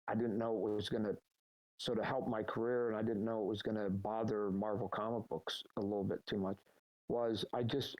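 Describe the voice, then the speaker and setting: Low-voiced middle-aged man telling rambling anecdotes. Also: darkish tone, rough recording. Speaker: guest answering fan questions. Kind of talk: casual live Q&A storytelling. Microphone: voice chat call.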